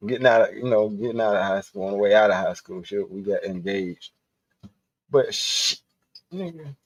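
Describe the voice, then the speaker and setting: A man's voice: lowish voice, moderate pace, no room sound. A man hosting a livestream, telling loose, profane stories with frequent laughter. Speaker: livestream host. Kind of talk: casual storytelling.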